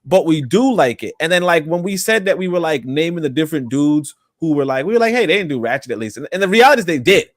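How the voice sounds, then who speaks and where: A man's voice: on the high side, animated, fast talker, hardly any pauses, no room sound, clean studio sound. A man hosting a livestream podcast, talking in a loose, rambling way with many fillers and asides. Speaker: podcast host. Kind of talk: casual livestream talk.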